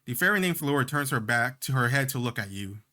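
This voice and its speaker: A man's voice: mid-range voice, animated, a little fast, bright, forceful tone. A young man hosting a casual let's play, reading story text with jokey asides. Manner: jokey asides between read lines.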